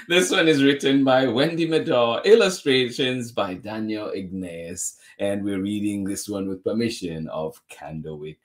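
A man's voice: fairly low pitch, expressive, takes it slowly. A man reading a children's picture book aloud, chuckling often and adding exclamations between pages. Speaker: children's story reader.

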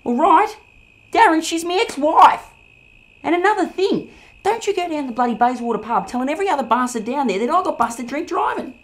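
A woman playing a loud, brash male Australian bogan junk seller who rants crudely in a comedy film. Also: sits high, lively intonation, quick pace, hardly any pauses. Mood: ranting. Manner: bossy, ranting and crude. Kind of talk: low-budget comedy film acting.

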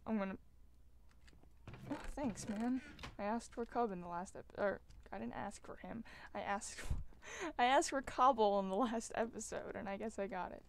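A woman hosting a gaming video, chatting casually as she plays. She mocks herself and breaks into loud, excited exclamations. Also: medium pitch, measured pace, a little hiss or hum. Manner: excitable, self-mocking, bursts into loud exclamations. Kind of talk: casual gameplay commentary. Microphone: desk microphone while gaming.

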